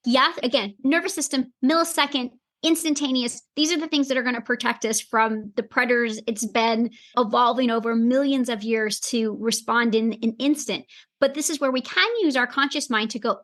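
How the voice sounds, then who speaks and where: A woman's voice: a little high, normal speed, a bit bright. A woman health coach, a podcast guest, explaining earnestly and acting out bits of inner dialogue. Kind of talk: podcast interview answer.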